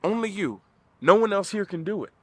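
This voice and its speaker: A man's voice: high-pitched, animated, fairly quick, fairly bright tone, no echo. A middle-aged man giving an earnest motivational talk to camera, emphatic, often restarting his sentences. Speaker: vlogger.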